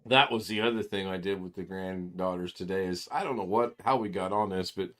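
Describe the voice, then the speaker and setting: A man's voice: low voice, brisk, a bit bright. An older man hosting a livestream, chatting casually and rambling through a story while he acts out other people's voices and chuckles often. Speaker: livestream host. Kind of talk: casual chat.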